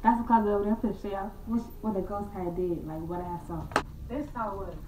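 A young woman casually telling a true ghost story to her viewers, slangy and animated, calling them y'all and acting out her own scared voice. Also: medium pitch, quick pace, far from the mic, background noise. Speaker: vlogger. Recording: echoey room from off-mic.

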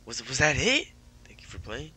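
A man's voice: medium pitch, very animated, normal speed, bright, forceful tone. A young man giving casual, slangy play-by-play commentary on a horror game, often bemused and saying "bro". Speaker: gaming YouTuber. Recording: game music playing behind.

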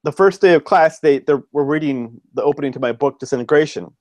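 Fast-talking, with a fairly high pitch and a darkish tone, a man who writes fiction chats as a podcast guest. He rambles through his stories, full of ums and restarts, and the audio has no echo.

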